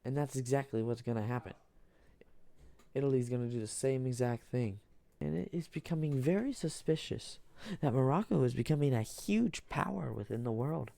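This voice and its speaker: A man's voice: mid-range voice, vocal fry, warm tone. A man casually narrating an alternate history on a map, repeating himself and restarting sentences. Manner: repetitive, restarts, halting.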